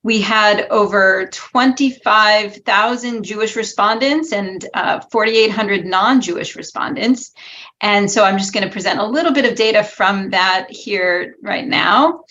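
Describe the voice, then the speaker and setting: A woman's voice: medium pitch, measured pace, bright, forceful tone, lo-fi sound. A woman panelist explaining research in an academic video-call discussion, lecturing with light humor. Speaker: linguistics expert panelist.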